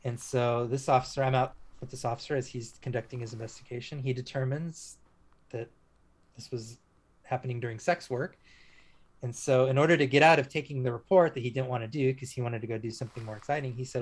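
Once a police officer, this man is being interviewed and tells a story in a mid-range voice with fairly even intonation. The telling is casual and faltering, marked by frequent restarts and fillers.

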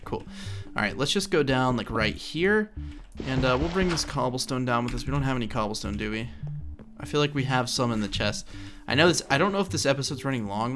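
Chatty young man from Oklahoma, gaming chat. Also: medium pitch. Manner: chatty, thinking aloud while building, self-correcting. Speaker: Minecraft let's play host. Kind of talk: casual gameplay commentary.

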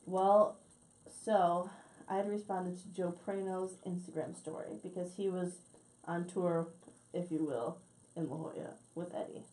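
A woman's voice: lowish voice, steady tone, unhurried, mellow, far from the mic, rough recording. A young woman co-hosting a casual podcast, telling a profane, sarcastic story. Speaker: podcast co-host. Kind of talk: casual chat.

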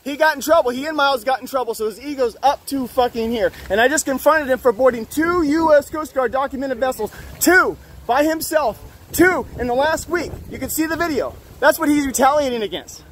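A man's voice: very high-pitched, a little fast, few pauses, fairly bright tone, low-quality recording. A man confronting officials outdoors at a harbor, angry, accusatory and profane. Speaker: boat owner confronting officials. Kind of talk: heated confrontation, filmed.

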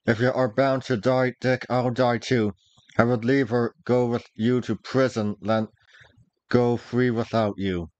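A man's voice: mid-range voice, steady tone, measured pace, darkish tone, no echo, highs cut off, natural voice. A man reading aloud, voicing a dogged, devoted young lad who speaks in old-fashioned phrasing.

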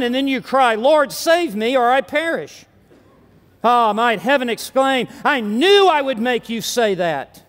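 A man preaches to a conference crowd with an unusually high, ringing voice. He drives his points home with emphatic, forceful declarations. His words trail off into the long reverb of a large hall. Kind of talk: conference sermon.

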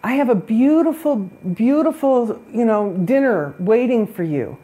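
A woman's voice: a little high, expressive, unhurried, mellow. A woman voicing a sly male wolf who stands for the ego, coaxing and tempting as she tells a spoken story. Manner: wheedling, tempting.

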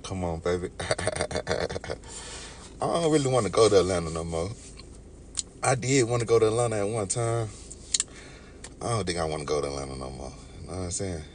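A young man with a Texas accent talks to his livestream chat first thing in the morning, sipping coffee and greeting viewers by name. His voice sits low, and his easy, drowsy chat has a faint hum of the room behind it. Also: expressive, normal speed, pauses often. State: just woke up, sipping coffee.

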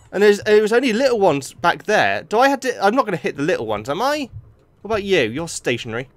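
A young man narrates his gameplay in a slightly high voice. His pitch swings widely as he reacts excitably, often talking straight to the game. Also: fast. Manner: excitable, talks to himself and the game. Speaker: gaming video host. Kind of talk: let's play commentary.

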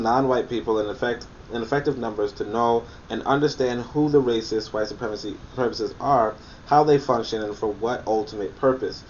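A man's voice: mid-range voice, moderate pace, distant mic, dull audio, a little hiss or hum. A man reading a book aloud and commenting on it critically, emphatic and incredulous, often repeating his points for emphasis. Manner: incredulous and scoffing.

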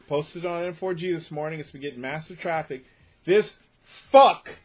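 A man's voice: a little high, breathy edge. A man who runs a gaming website, ranting angrily to camera and swearing nonstop. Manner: furious, profane, repeating himself. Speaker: gaming site owner and writer. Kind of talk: angry rant to camera.

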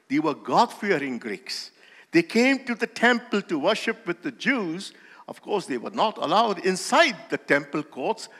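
A man preaching a sermon as pastor, with emphatic, slowly stressed phrases that swell in volume. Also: on the high side, a bit bright. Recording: long hall reverb.

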